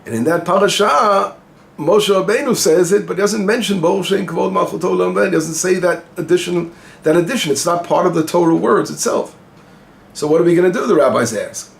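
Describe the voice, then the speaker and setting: A rabbi with a high, slightly quick voice and some vocal fry teaches the weekly Torah portion informally. He explains and translates Hebrew phrases as he goes, posing questions and then answering them himself.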